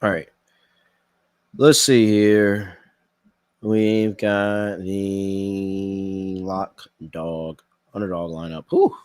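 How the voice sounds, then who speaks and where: A man's voice: sits low, flat delivery, very slow, pauses often, darkish tone, clean tone, no echo. A man hosting a sports betting podcast in casual live-stream chat, thinking aloud and reacting to viewers' comments.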